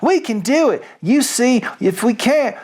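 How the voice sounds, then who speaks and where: A man reading aloud puts on a bunch of hungry little fox cubs with a Southern US drawl, pitched up high and bouncing all over. They plead eagerly and defiantly, a young storybook voice that refuses to give up. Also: expressive, unhurried, a little mellow, heavily acted.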